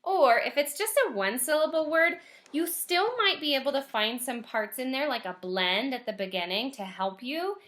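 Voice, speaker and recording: A woman teaching first graders in a recorded lesson, speaking gently and stretching words out slowly so children can hear the sounds. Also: high voice, lively intonation. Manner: gentle, encouraging teacher voice for young kids.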